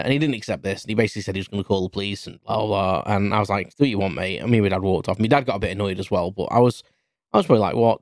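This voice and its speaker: A man's voice: on the low side, darkish tone, dry recording, studio quality. A British man in his thirties, a podcast host rambling through a casual story with many restarts. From United Kingdom.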